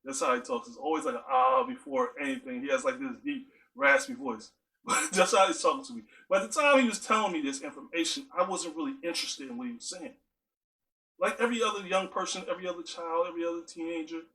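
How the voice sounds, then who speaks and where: A man's voice: on the high side, pushed and bright, poor audio. A man giving an earnest spoken monologue, driving his points home with strings of rhetorical questions.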